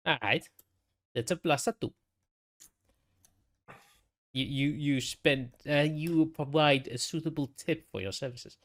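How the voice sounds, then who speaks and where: A man acting as game master narrates a tabletop role-playing game, often stopping and restarting, filling gaps with ums and uhs, and laughing easily with his players. His voice is a little high and fairly bright, unhurried, with long pauses. It sounds like a home mic on a voice call.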